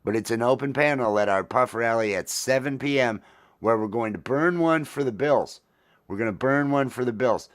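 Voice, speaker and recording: A middle-aged man hosts a laid-back morning coffee livestream, talking at a normal speed in a mid-range voice. He rambles, pokes fun at himself, and leans heavily on filler words.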